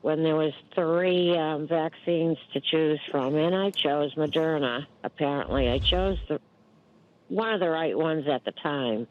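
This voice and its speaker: A woman's voice: deep voice, a little slow, muffled recording. A woman calling in to a TV show with a question, friendly and chatty. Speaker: caller. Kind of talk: call-in question.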